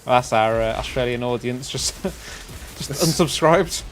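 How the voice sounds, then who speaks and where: A man's voice: medium pitch, a little slow, a little hiss or hum. A man co-hosting a game stream, teasing his partner with dry banter. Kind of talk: casual gameplay chat.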